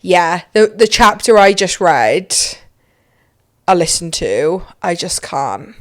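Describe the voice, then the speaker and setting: A young adult woman hosts a podcast in loose, casual conversation. She gushes with emphasis, swears freely, and piles up quick asides as she talks about what she has been reading. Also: lowish voice, sing-song. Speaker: podcast host. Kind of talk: casual chat.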